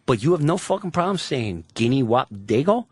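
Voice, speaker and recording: A man on a radio talk show putting on the voice of a gruff, intimidating older Italian-American actor in a story. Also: mid-range voice, very animated, a little fast, a little mellow, dry recording. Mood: angry.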